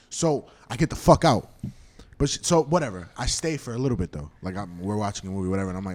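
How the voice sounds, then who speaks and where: A man casually telling a long, animated story to friends on a podcast, swearing often and acting out the quotes. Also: on the low side, quick pace. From Florida. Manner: animated, slangy, swears a lot, acts out quotes. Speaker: podcast host.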